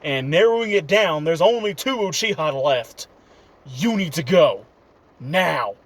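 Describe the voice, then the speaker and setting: A man's voice: a little high, animated, a little slow. A man voicing an irritable male fox spirit sealed inside a boy, talking urgently and bossily, in a casual fan retelling. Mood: urgent, annoyed.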